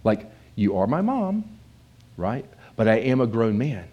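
Delivering a sermon as if chatting, a man keeps asking his audience questions and stays animated throughout. He speaks unhurriedly at a medium pitch, and the audio sounds dull.

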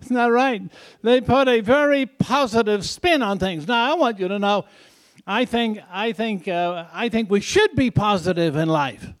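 Older man with a foreign accent, high-pitched, folksy preacher with chuckles, dry close sound. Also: normal speed, dry recording. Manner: folksy, asks the crowd "isn't that right?". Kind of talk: sermon.

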